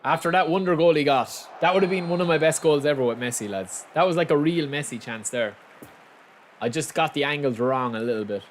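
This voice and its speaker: A young man chatting casually and commentating live on his own football game, bursting into excited shouts at big moments. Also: a little high, brisk, slight background noise. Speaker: game streamer.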